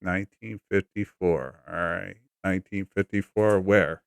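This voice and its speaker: A man's voice: low-pitched, fairly even intonation, unhurried, vocal fry, smooth, dry recording. A man hosting a casual live stream, greeting viewers one by one and coaching his guest on the mic. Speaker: livestream host.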